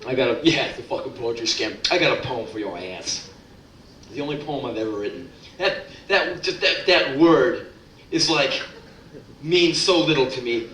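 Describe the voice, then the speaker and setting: A man's voice: medium pitch, expressive, moderate pace, a bit bright, recorded from a distance, a little hiss or hum. A man giving a live spoken-word reading in a club, telling stories in a profane, sardonic way. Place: live club venue with audience. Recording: echoey club from afar.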